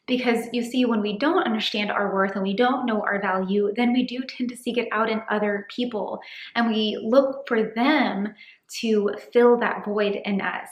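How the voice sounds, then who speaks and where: A woman in her thirties giving earnest, encouraging faith-based dating advice in a casual vlog, slightly out of breath. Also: a little high. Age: 30s. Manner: earnest, encouraging, gently preachy. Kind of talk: casual to-camera vlog talk. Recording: echoey room.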